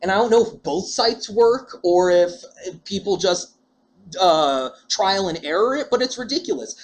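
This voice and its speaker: A young man with a high voice talks through a casual podcast chat. He rambles from story to story and jokes around. He laughs often. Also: expressive, normal speed, rough recording. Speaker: podcast co-host. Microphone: handheld ball microphone, sometimes held away.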